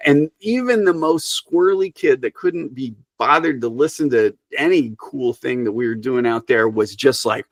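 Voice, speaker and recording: A middle-aged man, a storyteller and author, chatting as a guest in a rambling, animated way. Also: mid-range voice, moderate pace, hardly any pauses, no room sound. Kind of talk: casual interview chat.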